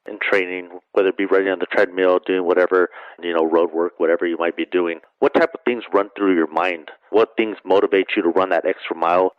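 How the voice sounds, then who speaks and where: A man's voice: sits low, fairly even intonation, a little fast, no echo. A man interviewing a boxer and asking long, loosely built questions. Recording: dull lo-fi radio sound, dry.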